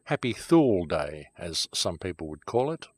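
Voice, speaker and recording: A middle-aged man with a deep, low voice hosts his own show from a shed studio out in the countryside. He delivers an emphatic, heated monologue that eases into calmer, wry asides. The sound is close and dry, with no room echo. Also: moderate pace, husky. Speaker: host. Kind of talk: ranting monologue to camera.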